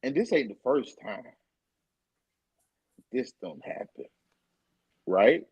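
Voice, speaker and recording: Husky expressive man co-host. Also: slow pace, no room sound, highs cut off. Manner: expressive, swings pitch widely. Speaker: podcast co-host. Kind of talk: casual chat.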